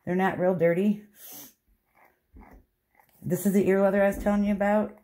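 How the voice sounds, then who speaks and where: A woman's voice: mid-range voice, little pitch movement, normal speed, mellow. A woman dog groomer giving a hands-on grooming tutorial, chatty and reassuring, talking to the dog as she explains. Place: grooming room, indoors. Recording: echoey room with faint background noise.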